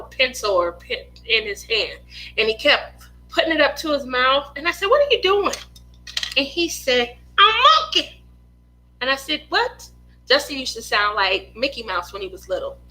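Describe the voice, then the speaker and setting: High-voiced, laughing woman telling stories. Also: rough recording. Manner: animated storyteller, acts out voices, laughs often. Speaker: craft livestream host. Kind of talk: casual chat while crafting.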